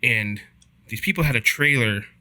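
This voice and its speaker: A man's voice: medium pitch, moderate pace, sharp tone. A man chatting casually on a podcast and plainly explaining cable installation work. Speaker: podcast guest, former cable trainer. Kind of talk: casual chat.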